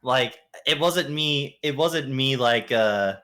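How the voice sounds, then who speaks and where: A man's voice: mid-range voice, slow, a bit bright. A man playing his character in a tabletop game, rambling in a drawling way. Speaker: player. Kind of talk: casual in-character role-play.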